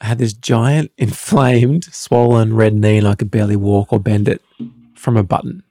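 A man's voice: lowish voice, fairly even intonation, moderate pace, mellow, dry recording, clean studio sound. A man co-hosting a podcast with his wife, telling stories with self-mocking humour. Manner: joking, self-mocking storyteller. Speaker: co-host, husband. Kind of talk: casual podcast chat.

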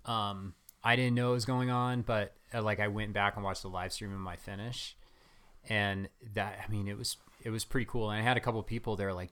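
A man with a fairly low voice chatting as a guest, rambling through a story full of fillers. He tells it in an animated, storytelling way. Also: fairly quick, clean tone. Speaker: guest runner. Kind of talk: casual interview chat.

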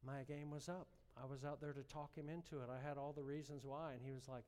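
A man preaching a sermon, telling a personal story with strong emotion and building to fervent, loud exhortation. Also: medium pitch, fairly even intonation, fast, in a large hall. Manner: emotional storytelling, rising to impassioned shouting.

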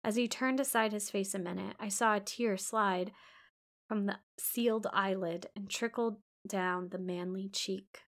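A woman reading a classic novel aloud in a soft, hushed way, now and then breaking off for casual asides. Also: mid-range voice, fairly even intonation, unhurried. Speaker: reader.

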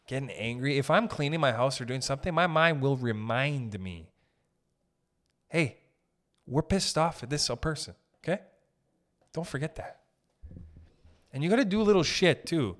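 A young man hosting a podcast, ranting casually with profanity and jokey asides. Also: on the high side. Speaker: podcast host. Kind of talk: casual comedic podcast rant.

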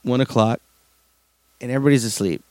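A man's voice: mid-range voice, fast talker, a little mellow, clear, resonant tone, dry recording. A man co-hosting a podcast, telling family stories in casual comedic chat, laughing often and acting out quotes in raised voices. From Southern Maryland. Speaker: podcast co-host.

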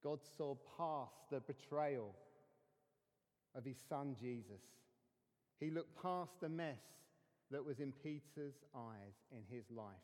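A man preaching a sermon as a pastor, telling a personal story earnestly and dropping to hushed tones for emphasis. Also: medium pitch, expressive, takes it slowly. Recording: long hall reverb.

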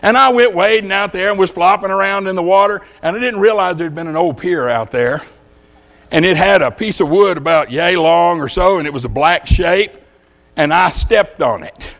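A man's voice: high voice, normal speed, a bit bright. An older man preaching a sermon, telling homespun stories and jokes in a folksy way.

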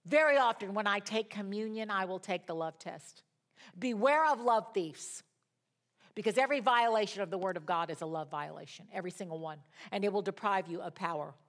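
Woman, middle-aged, Bible study teacher; expressive storyteller with a flair for drama, medium pitch. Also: a little fast.

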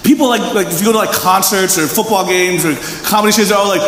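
Animated high-voiced preacher in echoey hall. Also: male voice, very fast, hardly any pauses. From Philadelphia, USA. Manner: animated, chatty, asks the audience questions. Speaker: pastor. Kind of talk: conversational sermon. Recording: echoey hall reverb, faint room noise.

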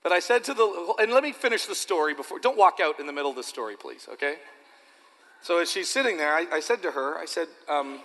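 A man preaching a sermon to his church, animated and repetitive, addressing the audience directly. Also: a little high, quick pace, big-room sound. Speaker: pastor.

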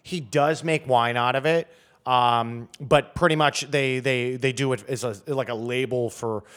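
This man's mid-range voice is steady in tone, a little slow and fairly bright. Guesting as a wine expert on a casual podcast, he rambles through his stories with frequent fillers and restarts.

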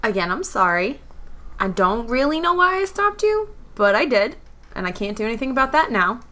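A woman voicing her charismatic female adventurer in a tabletop game, speaking in a measured, deliberate way. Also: fairly high pitch, very animated, pushed and bright. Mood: earnest.

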